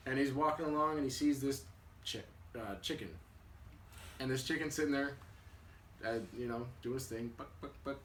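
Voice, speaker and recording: A man's voice: mid-range voice, moderate pace, pauses often. Young man telling a story, echoey room. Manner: relaxed, chatty, with fillers and restarts. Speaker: student. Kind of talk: casual storytelling for a class. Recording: echoey room, mic at a distance, faint hiss.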